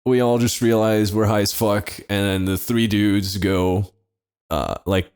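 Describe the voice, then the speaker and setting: A man's voice: fairly low pitch, fairly even intonation, unhurried, darkish tone, clean tone. A young man on a comedy podcast, casually telling a story, swearing often and laughing.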